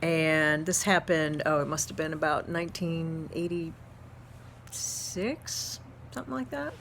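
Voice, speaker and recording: A woman in her fifties from Ohio, an instructor telling a story to her class in an animated way and laughing often. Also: low voice, measured pace, vocal fry, a little hiss or hum. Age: 50s. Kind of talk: storytelling lecture.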